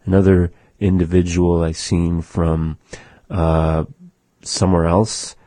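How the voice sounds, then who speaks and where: A man's voice: low-pitched, flat delivery, slow pace, warm tone, no room sound. A man giving a patient radio language lesson and demonstrating sounds one by one. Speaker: language teacher.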